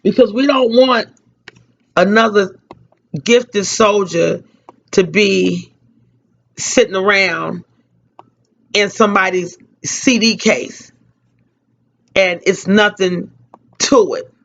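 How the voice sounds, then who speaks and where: A grieving woman speaks on a radio tribute, her words slow and halting as she repeats herself through tears. The sound is muffled and lo-fi, like an old broadcast. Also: mid-range voice, creaky. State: tearful. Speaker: radio host giving a tribute. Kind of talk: emotional spoken tribute. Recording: dull lo-fi radio recording.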